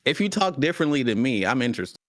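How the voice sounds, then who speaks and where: A man, co-hosting a casual podcast chat, animated and laughing often. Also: medium pitch, quick pace, dry recording. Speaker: podcast co-host.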